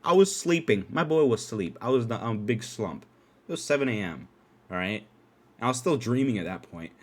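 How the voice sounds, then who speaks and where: Animated, profane young man. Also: mid-range voice, fairly quick. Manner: animated, profane, swings into loud excited outbursts. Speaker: podcast host. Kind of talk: casual storytelling.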